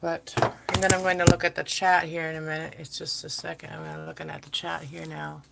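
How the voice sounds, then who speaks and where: A chatty woman rambling through a casual baking livestream in her home kitchen, her voice gravelly with vocal fry. Clear background noise runs under her talk. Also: deep voice, level tone, fast. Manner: chatty and rambling, talking to viewers and her kitten. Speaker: livestream host. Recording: noisy background.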